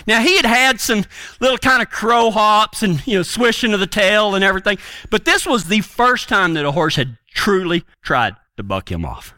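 Brief: middle-aged male preacher, folksy and earnest, high bright voice, dry close sound. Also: animated, moderate pace, no room sound. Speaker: preacher and horseman. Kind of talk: folksy sermon storytelling.

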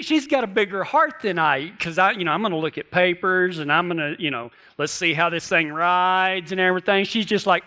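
A man's voice: high voice, fairly quick, few pauses, bright, forceful tone. A man telling a humorous story in a folksy, joking way, with rural turns of phrase.

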